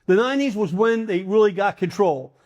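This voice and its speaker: Emphatic older man with high voice. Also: lively intonation, a little fast, a little mellow, muffled recording. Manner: emphatic, indignant storytelling. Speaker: former congressman, guest. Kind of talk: interview.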